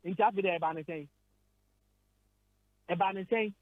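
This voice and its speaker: Talking sports in a radio studio, a man with a Ghanaian accent gets emotional and hesitates, repeating words as he alternates Twi and English. His voice is high with a darkish tone, at a moderate pace. The recording is dry and the audio quality poor.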